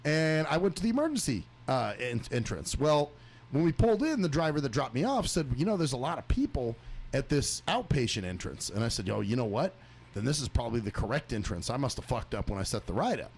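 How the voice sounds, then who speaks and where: A man's voice: medium pitch, very animated, a little fast, husky. A man hosting a talk radio show, telling a long story as a crude, profane rant, often laughing and acting out other people's voices.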